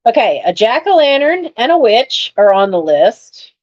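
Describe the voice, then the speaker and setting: Woman, casual unboxing chat, lively pitch, fairly high voice, dull lo-fi sound. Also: unhurried. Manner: chatty, exclaims over finds. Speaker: online reseller hosting a live sale.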